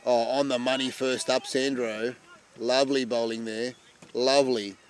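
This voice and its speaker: A man giving chatty live commentary on an amateur cricket match. He breaks into loud excitement at wickets. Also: medium pitch, normal speed.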